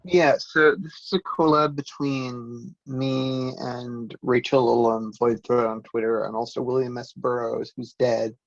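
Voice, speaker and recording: Man, steady prose reader, dry close sound, muffled lo-fi audio. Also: mid-range voice, a little slow, creaky, few pauses, no room sound. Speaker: writer reading a collaborative piece. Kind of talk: reading a surreal prose poem. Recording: dull lo-fi audio.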